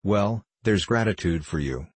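Gruff rustic poorhouse keeper, deep raspy voice, dry close sound; a man reads him. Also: lively intonation, a little slow, dry recording, heavily acted. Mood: indignant. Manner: coarse country dialect, blustering.

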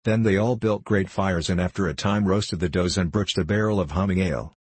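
Male audiobook narrator, deep and slightly husky, measured storytelling, dry booth sound. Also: no room sound. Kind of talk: storybook reading.

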